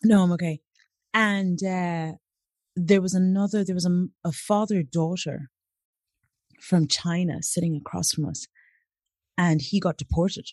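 A woman's voice: fairly low pitch, unhurried, pauses often, dry recording. A woman in her late thirties, originally from Africa, telling personal stories as an interview guest and acting out the people in them. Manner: animated, acts out voices of people in her stories. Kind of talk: storytelling in conversation.

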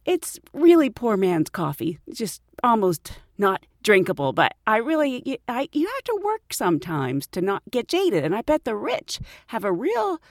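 Lively animated woman host. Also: a little high, normal speed, few pauses, no room sound, clean studio sound. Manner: animated, laughs often, self-mocking. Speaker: podcast host. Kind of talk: casual storytelling chat.

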